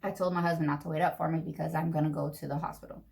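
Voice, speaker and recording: A young woman telling a long personal story in a chatty, animated way while doing her makeup. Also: low voice, rapid-fire, vocal fry. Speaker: vlogger. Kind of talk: get-ready-with-me storytime.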